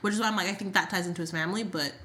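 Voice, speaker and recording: Woman co-host, bright crisp voice, animated storyteller who acts out lines. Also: lowish voice, racing, slight background noise. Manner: animated, acts out quotes, uses "like" a lot. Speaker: podcast co-host. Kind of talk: casual chat about a soap opera.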